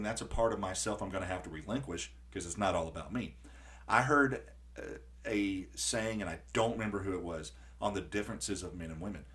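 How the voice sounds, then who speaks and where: A man hosting a podcast in casual conversation, who tells stories with lively acted-out quotes and frequent restarts. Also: lowish voice. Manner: animated storyteller acting out quotes. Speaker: podcast host.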